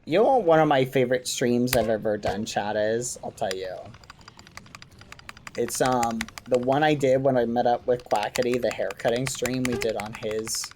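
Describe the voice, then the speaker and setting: A man's voice: medium pitch, moderate pace, a little mellow, a little hiss or hum. A man streaming while he plays a game, chatting casually to his viewers and swapping swearing for mild exclamations. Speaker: livestreamer. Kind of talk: casual live-stream chat while gaming. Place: home gaming setup. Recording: keyboard clicks and typing behind.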